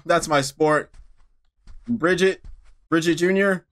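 A man's voice: on the high side, moderate pace, long pauses, fairly bright tone. A young man giving joking, profane commentary while playing horror games, answering the characters on screen. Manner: joking, profane, talks back to the game. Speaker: gaming YouTuber. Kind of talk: let's-play commentary.

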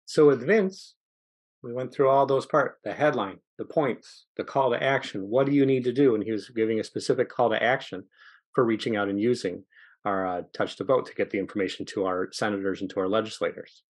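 A man leads a training session on public speaking in an upbeat coaching tone. His pitch jumps around as he demonstrates and encourages. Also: a little fast. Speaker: training presenter. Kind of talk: online training talk.

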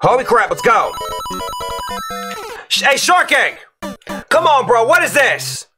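A young man commentating his platform gameplay, ranting and yelling at the game as he fails levels. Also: very high-pitched, big pitch swings, takes it slowly, over music. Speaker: streamer playing a platform game.

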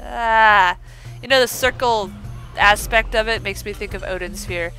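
A woman's voice: medium pitch, unhurried, bright, forceful tone, soft background music, low-quality recording. A woman hosting a let's play, giving bubbly, chatty commentary and talking to the game as she plays. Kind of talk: casual gameplay commentary.

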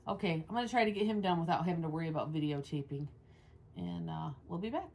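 Speaking quickly in a lowish, creaky, slightly mellow voice, a woman chats and rambles on her home vlog while grooming her dog. She coos at it between asides in a sunny indoor room by the windows, captured by a camera set up nearby.

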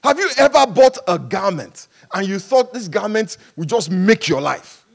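Male pastor with a high voice, lively and humorous preaching that swings between hushed and loud. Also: normal speed, gravelly, husky. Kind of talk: sermon. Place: church service.

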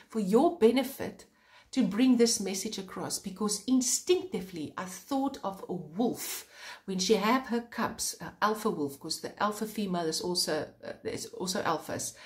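A woman preaching an informal sermon in an earnest way, with many pauses and a voice that turns fervent when she stresses a point. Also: mid-range voice. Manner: earnest, pausing often, sharpening into fervent emphasis.

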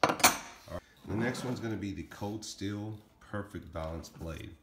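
A middle-aged man casually showing and reviewing his throwing knives, rambling with lots of ums. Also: lowish voice. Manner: rambling, many ums, talks fast and plainly. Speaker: knife-throwing hobbyist reviewing his blades. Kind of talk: casual show-and-tell vlog. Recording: echoey room with faint noise.

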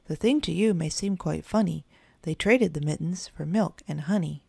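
A good-humored old bear grandfather who speaks in rhymes with a sing-song lilt, as a woman reads him. The voice sits low with a gravelly edge. It is recorded close and dry, like a storybook reading. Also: normal speed, darkish tone, dry recording. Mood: jolly. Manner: rhyming sing-song speech.

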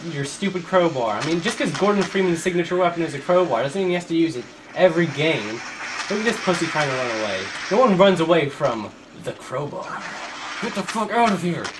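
A man doing profane, mocking commentary over gameplay, swinging into fake excitement and yelling at enemies. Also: fairly high pitch, noisy background. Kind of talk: sarcastic let's-play commentary.

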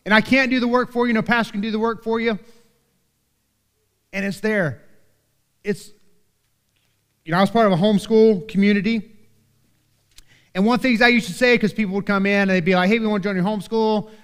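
A man's voice: high-pitched, steady tone, brisk, pauses often, fairly bright tone, clean tone, in a large hall. A man preaching a sermon as pastor in a church, talking earnestly and conversationally and often checking in with "right?". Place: church sanctuary.

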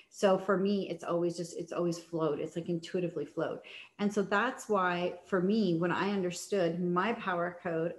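A woman sales coach talking in a casual teaching style, chatty, with many fillers and restarts. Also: lowish voice. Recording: echoey room.

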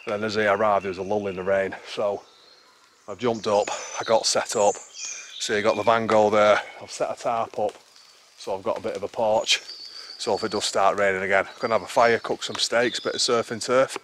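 Outdoor vlogger, man with a lowish voice, breathless and rambling on a hillside, faint countryside noise. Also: level tone, a little fast, a bit bright. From England. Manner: chatty, rambling, self-interrupting. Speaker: wild camping vlogger. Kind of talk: casual outdoor vlog.

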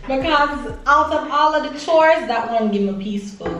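A young woman hosting a casual quiz chat, lively and quick, laughing often. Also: high voice. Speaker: host. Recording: echoey room from far off, noisy.

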